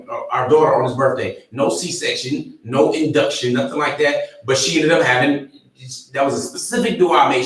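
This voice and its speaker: A male relationship coach speaks earnestly in a motivational livestream and weaves in personal stories. He sits well away from the microphone, and his voice echoes strongly around a bare room. His pitch sits in the ordinary middle range for a man. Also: a bit bright. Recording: very echoey room, voice from far off the mic.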